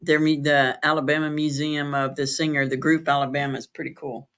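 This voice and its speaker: A woman's voice: sits low, level tone, brisk, fairly bright tone. A woman hosting a casual live stream from home, chatting with viewers, answering their comments by name, spelling words out and laughing often. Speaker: livestream host. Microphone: streaming setup.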